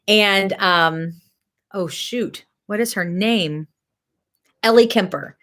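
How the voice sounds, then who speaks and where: A woman, hosting a casual church chat, chatty and rambling and quick to laugh. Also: mid-range voice, fairly bright tone. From Missouri.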